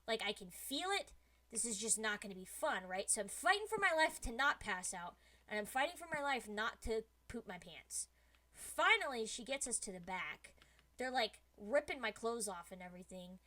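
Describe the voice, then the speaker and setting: A young woman streamer spins a dramatic story in casual, slang-heavy chat. Her voice is bright and a little high, and her retelling is animated.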